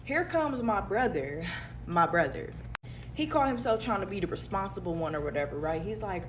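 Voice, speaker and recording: A woman telling a storytime to camera, rapid, heated and emphatic. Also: medium pitch, lively intonation, background noise.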